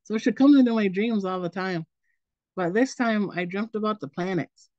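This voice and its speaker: A woman's voice: medium pitch, normal speed, dry recording. Chatty woman in her forties, lo-fi call. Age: 40s. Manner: relaxed storytelling with fillers like "um" and "like". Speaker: presenter. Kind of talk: casual online presentation.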